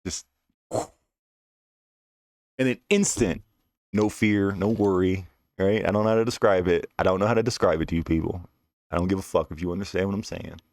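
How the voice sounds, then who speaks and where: A man's voice: low-pitched, steady tone, fairly quick, long pauses, a little mellow, no echo, studio quality. A young man telling a personal story on a stream in a casual, profane, slangy way, with frequent restarts and asides.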